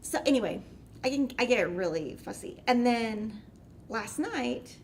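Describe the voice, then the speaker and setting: A middle-aged woman tells a long, rambling story in a casual, animated way, full of "like" and asides. Her voice sits a little high. A faint background hiss is audible. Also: measured pace. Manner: chatty, rambling, lots of "like". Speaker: host.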